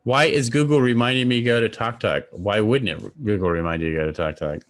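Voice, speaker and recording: A man with a brisk voice on the low side co-hosts a casual online guessing game over a video call. Jokey throughout, he reads out the viewers' guesses in live-stream chat.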